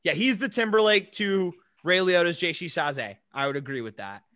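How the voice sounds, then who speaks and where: High bright guy riffing on a comedy podcast, swears a lot, super lively. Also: normal speed. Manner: excitable, profane, riffing. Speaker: podcast co-host. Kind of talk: casual comedic banter.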